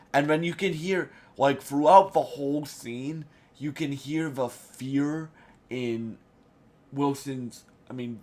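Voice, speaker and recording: A young man talks through a TV episode in a casual spoiler review, slow and unhurried, his voice in an ordinary middle register. He rambles, doubles back and fills pauses with ums and likes. Now and then he bursts into loud impressions. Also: mid-range voice.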